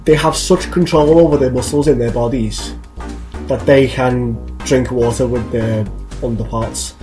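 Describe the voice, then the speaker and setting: A man's voice: medium pitch, fairly even intonation, unhurried, darkish tone, soft background music. Guy on a podcast, medium voice, rambles through goofy made-up survival plans. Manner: rambling, jokey storytelling. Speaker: podcast co-host. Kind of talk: casual comedic chat.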